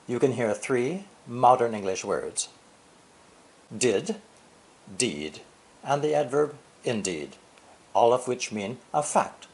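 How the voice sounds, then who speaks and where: Older man teaching with lively intonation. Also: mid-range voice. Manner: deliberate, stressing key words with sweeping intonation. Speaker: English teacher. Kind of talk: scripted explanatory lesson.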